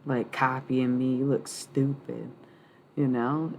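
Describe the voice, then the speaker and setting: A woman's voice: a bass voice, fairly even intonation, takes it slowly, a little mellow, slight background noise. A woman reading tarot cards on a livestream, rambling and blunt, swearing freely and laughing often.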